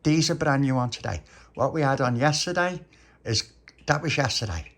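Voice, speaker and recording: A man's voice: medium pitch, expressive, normal speed, fairly bright tone, voice pushed up. A man voicing a prim, proud little girl who speaks firmly and emphatically.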